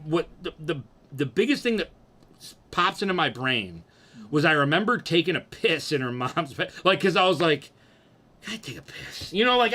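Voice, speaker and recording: A young man casually telling a profane, animated story about himself and acting out what people said. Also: on the high side. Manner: animated, profane, acts out quotes.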